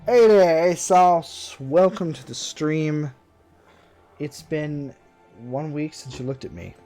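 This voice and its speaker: A man streams a game live, keeping up a casual, sarcastic, self-mocking commentary while faint game music plays behind him. His voice is on the high side, animated and mellow, at a slow pace.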